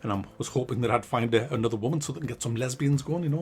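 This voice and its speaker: A man giving a blunt, animated spoken review of a video game, swearing freely. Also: medium pitch, rapid-fire.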